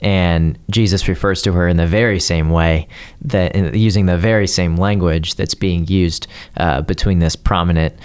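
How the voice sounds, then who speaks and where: A man's voice: sits low, smooth. A man explaining a Bible story in casual conversation, earnest and building his point in long chains of phrases.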